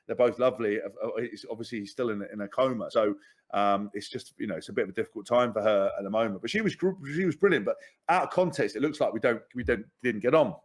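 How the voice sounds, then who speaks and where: Fast, blunt man. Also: medium pitch. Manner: blunt, sweary, repeats words. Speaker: podcast guest. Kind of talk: candid storytelling.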